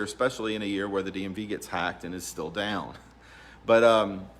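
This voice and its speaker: Man, lower pitch, relaxed rambling advice, frequent laughs. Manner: relaxed, rambling, laughs often, many ums. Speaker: real estate attorney. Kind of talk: casual advice talk. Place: law office.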